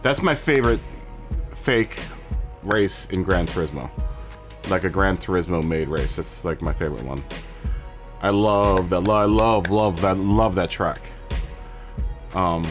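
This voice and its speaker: A man's voice: low-pitched, big pitch swings, measured pace, pauses often, soft background music. A man hosting a casual live gaming stream, chatting in a rambling way, correcting himself and laughing often.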